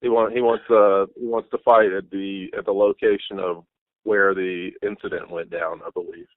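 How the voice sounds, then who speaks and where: A man co-hosting a casual sports podcast, excitable, blunt and profane. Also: low-pitched, moderate pace, no room sound. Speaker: podcast co-host. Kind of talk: casual chat. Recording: tinny phone-like line.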